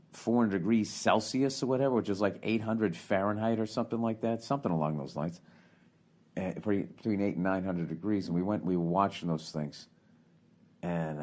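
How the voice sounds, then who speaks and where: Man, very low voice, podcast host, profane comic storytelling, rambling, pitch jumps when excited.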